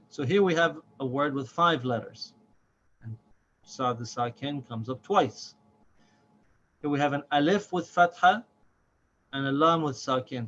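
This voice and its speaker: A man teaching a reading lesson step by step, patient and deliberate, drawing out each syllable slowly. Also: fairly high pitch, a bit bright. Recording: slightly dull audio with faint noise.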